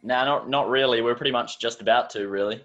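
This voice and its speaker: A New Zealand man, a basketball coach, talking in a quick, matter-of-fact way. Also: medium pitch, fairly bright tone, highs cut off. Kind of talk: casual chat.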